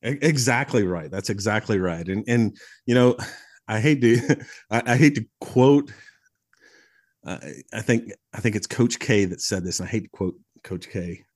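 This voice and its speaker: Animated storytelling man in his forties. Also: fairly low pitch, unhurried, no echo, clean studio sound. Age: 40s. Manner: animated storyteller, frequent restarts, laughs easily. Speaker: podcast guest, public speaker. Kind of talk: casual storytelling conversation. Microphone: podcast studio microphone.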